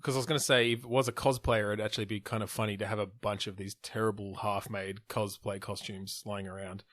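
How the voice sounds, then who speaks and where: A man's voice: fairly low pitch, level tone, a little fast, fairly bright tone, dry recording. A man hosting a podcast, steering a game-design brainstorm with questions and frequent restarts. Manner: steers the talk, asks questions, self-correcting restarts. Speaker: podcast host.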